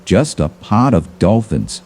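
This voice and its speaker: A man's voice: on the low side, sing-song, takes it slowly, darkish tone, voice pushed up, exaggerated voice. A man voicing a young male sailor on deck who is easily startled, in a spoken horror story. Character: young male sailor spotting dolphins, growing uneasy.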